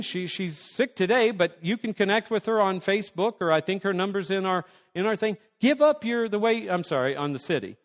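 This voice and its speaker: Emphatic preacher man, high voice. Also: long reverb tail. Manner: emphatic, conversational preaching with rhetorical questions. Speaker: pastor. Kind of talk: sermon.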